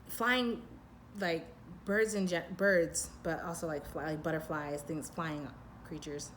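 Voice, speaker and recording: A woman giving a pick-a-pile tarot reading to her viewers, rambling and intuitive, full of fillers and restarts, and slowing down to a soothing pace in places. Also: low voice, fairly even intonation, slight background noise. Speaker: tarot reader.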